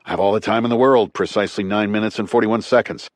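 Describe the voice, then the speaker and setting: A man with a Chicago accent voicing a calm, wry male explosives expert who speaks in a steady, instructive way. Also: lowish voice, fast talker, dry recording, close to an everyday voice. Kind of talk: audiobook character reading.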